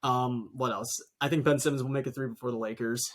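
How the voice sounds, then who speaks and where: A young man co-hosting a sports podcast, riffing on the news with wry, deadpan jokes. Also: mid-range voice, fast, slight background noise. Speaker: podcast co-host. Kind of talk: casual sports chat.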